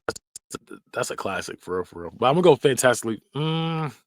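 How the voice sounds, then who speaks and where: A man's voice: medium pitch, fairly quick, no echo. Guy doing casual tier list commentary, laughs a lot, blunt slangy talk, dry room. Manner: animated, laughs often, repeats phrases in mock voices. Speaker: podcast host.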